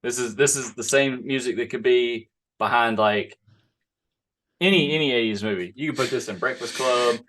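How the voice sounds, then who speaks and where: A man's voice: mid-range voice, normal speed, fairly bright tone. A man guesting on a casual movie podcast, chatty, laughing easily and trailing off mid-thought. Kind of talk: casual movie watch-along chat.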